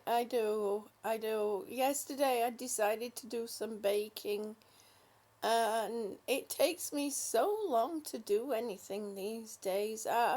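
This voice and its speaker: A woman hosts a relaxed livestream, reading viewers' comments aloud in a high voice at an unhurried pace. She chats affectionately, calling people honey and sweetie.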